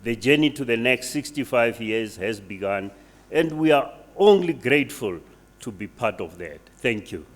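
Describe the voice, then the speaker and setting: A man giving a measured, formal welcome speech. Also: mid-range voice, expressive. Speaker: university speaker welcoming officials. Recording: reverberant hall.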